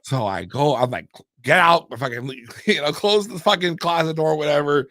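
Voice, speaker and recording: Man, podcast host, swearing, laughing, bright lively voice, dry sound. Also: on the high side, moderate pace, no room sound. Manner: profane, laughing, animated storytelling. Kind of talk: casual podcast chat.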